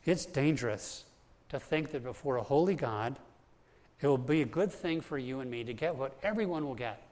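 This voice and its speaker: A man's voice: mid-range voice, expressive, normal speed, a little mellow. A man preaching an earnest sermon to a congregation, often repeating words as he builds his points. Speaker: pastor. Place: church hall with congregation.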